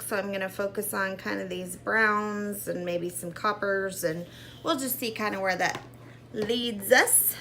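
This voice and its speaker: A woman's voice: mid-range voice, bright, forceful tone, a little hiss or hum. A woman vlogging a casual makeup tutorial at home, chatting upbeat about each product as she goes. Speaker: beauty vlogger.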